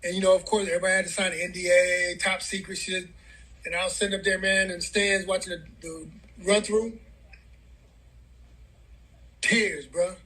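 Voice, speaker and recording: A man's voice: sits high, flat delivery, normal speed, long pauses, bright, forceful tone, rough recording. A middle-aged man telling a heartfelt story as a guest in an interview, in loose, casual talk full of "man" and "bro".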